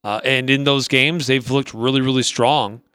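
Bright, crisp-voiced sports radio man. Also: mid-range voice, steady tone, moderate pace, no room sound. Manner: upbeat, rattles off stats with small restarts. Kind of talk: sports talk radio analysis. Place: radio studio.

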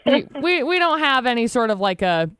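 Wry, clear-voiced female radio co-host. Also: on the high side, moderate pace, no echo, studio quality. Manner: wry, deadpan asides, laughs at stories. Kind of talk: casual radio banter and headline reading. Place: radio studio. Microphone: studio microphone.

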